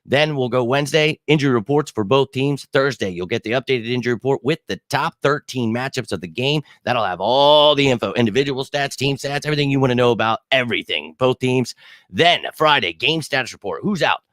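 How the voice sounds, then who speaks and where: This is a man in his thirties, an excitable sports show host, chatting casually on a live stream at a fairly quick clip. His pitch is ordinary and mid-range, he curses freely and leans on "uh" and "you know," and the recording is dry and close-miked with no room echo.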